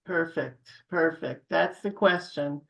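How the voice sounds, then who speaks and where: A woman hosts a casual video chat in a fairly low voice. She sounds upbeat as she relays the audience's questions to her guest. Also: slow, vocal fry, fairly bright tone. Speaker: host.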